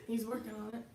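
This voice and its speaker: Bright, playful young woman guest. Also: on the high side, slight background noise. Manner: playful, quick joking interjections. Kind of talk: live Q&A chat. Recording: roomy sound, mic at a distance.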